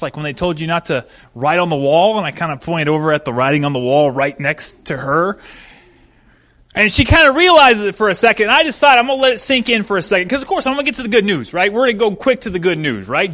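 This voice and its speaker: A young adult man preaching a sermon, telling stories with an animated delivery that swings from quiet to loud. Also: on the high side, a little fast. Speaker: pastor.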